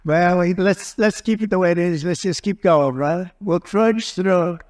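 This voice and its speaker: A man with a raised, fairly high speaking voice works through a loose rally speech. He wanders from point to point, stacking repeated phrases. His tone stays combative and sure of itself. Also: unhurried. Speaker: political candidate.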